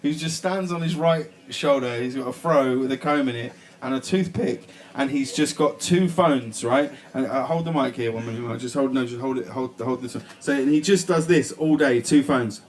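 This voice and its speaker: A man telling an animated story at a live event, mimicking the people in it and laughing along. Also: medium pitch, moderate pace, hardly any pauses. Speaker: actor and panel guest. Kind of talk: animated anecdote with acted-out voices. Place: live stage event with an audience.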